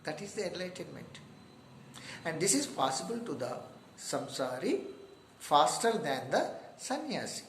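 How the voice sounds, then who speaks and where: A man's voice: fairly high pitch, very animated, unhurried, a bit bright, a little hiss or hum. A man with an Indian accent giving a spiritual talk and telling a story, checking in with listeners with little "huh?" asides. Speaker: meditation teacher. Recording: echoey room.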